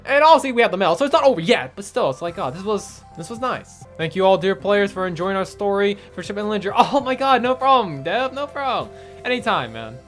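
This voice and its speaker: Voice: mid-range voice, fairly bright tone. A young adult gaming video creator giving emotional let's play commentary, swearing a lot.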